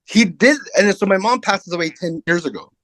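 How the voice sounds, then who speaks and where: A middle-aged man, a comedian guest, telling a personal story in a candid, animated way and acting out the voices of the people in it. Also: sits high, a little fast, no room sound. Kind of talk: casual interview storytelling.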